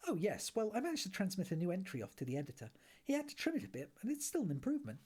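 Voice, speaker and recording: A man's voice: sits high, huge pitch swings, rapid-fire, a little mellow, breathy edge, pitched above the performer's own voice, heavily acted. A man doing an offhand, worldly Ford. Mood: matter-of-fact. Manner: matter-of-fact, dry, offhand. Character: laid-back, worldly male alien traveller. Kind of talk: soft ASMR reading.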